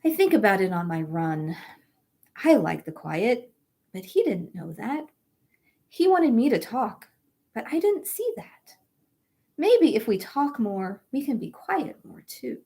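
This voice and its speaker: A woman puts on a fed-up male hamster from a children's picture book, pitched a bit high and snapping out his complaints. He is cross and wants to be left alone. The delivery swings widely in pitch. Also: big pitch swings, unhurried, warm tone. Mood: reflective. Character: grumpy male hamster who wants quiet.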